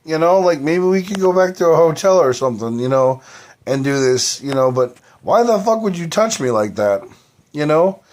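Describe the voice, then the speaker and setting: A man's voice: a little high, moderate pace, darkish tone. Rambling, cursing man with a raised voice. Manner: profane, rambling, heavy fillers. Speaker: live streamer. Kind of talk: rambling live-stream monologue.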